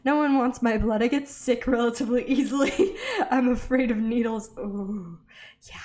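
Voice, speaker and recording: A young woman chatting casually as she draws for a video, self-deprecating and quick to laugh. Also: fairly high pitch, darkish tone. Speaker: art vlogger. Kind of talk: casual chat while drawing.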